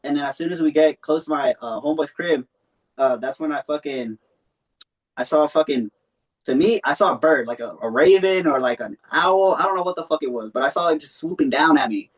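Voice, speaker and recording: A man's voice: on the high side, brisk. A young man telling a long personal story in a loose, rambling way, full of swearing and fillers. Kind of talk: casual storytelling.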